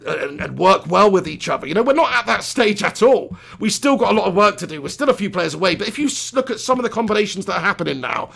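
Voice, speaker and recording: Man, high voice, gravelly edge, passionate fan live stream, home studio. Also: big pitch swings, quick pace, few pauses, a bit bright. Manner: passionate, ranting, swears freely, reads out viewer messages. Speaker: live-stream host reacting to a football match.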